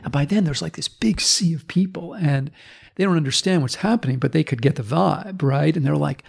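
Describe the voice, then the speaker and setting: A man's voice: on the high side, fairly quick, creaky, husky. A man, a history professor, telling a story in conversation, acting out the people in it with blunt, emphatic and sometimes profane talk. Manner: animated storyteller acting out quoted voices.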